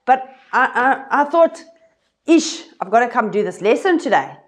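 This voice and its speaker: A woman telling children a Bible story in an expressive way, acting out voices and sound effects. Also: on the high side, moderate pace. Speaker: children's ministry teacher. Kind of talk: animated Bible lesson for kids.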